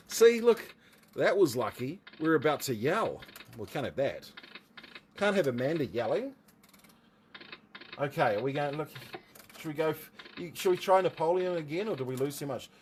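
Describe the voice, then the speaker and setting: A man's voice: a little high, big pitch swings, moderate pace, slight background noise. Chatty New Zealand man hosting a stream. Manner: rambling, chatty, jokey asides to viewers. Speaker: livestream host and motorsport commentator. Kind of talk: casual livestream chat.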